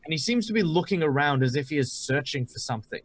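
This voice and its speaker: A man narrating a tabletop game as game master, with many pauses and fillers. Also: fairly high pitch, expressive.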